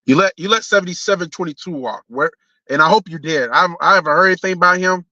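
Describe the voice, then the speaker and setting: A young man vents on his live stream in a bright, forceful voice, slightly high for a man. He talks bluntly, swears freely and keeps restarting his sentences. The stream audio sounds dull and lo-fi. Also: fast talker, no echo. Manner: blunt and profane, with frequent restarts. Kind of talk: casual live-stream sports rant.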